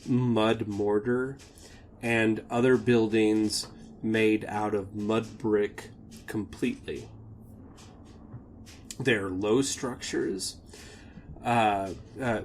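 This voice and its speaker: A man narrating a tabletop game as game master in a slow, measured, descriptive way. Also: lowish voice, slight background noise.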